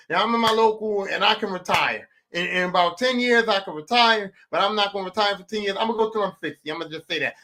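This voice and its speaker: Pushed and bright, this man's high voice carries a profane comedic rant on his podcast, where he repeats lines for emphasis. He's the host and comes from West Philadelphia.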